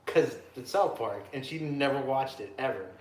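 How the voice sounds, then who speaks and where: Profane, animated man in an echoey room. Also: medium pitch, normal speed. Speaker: podcast co-host. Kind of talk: casual chat. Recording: echoey room with faint noise.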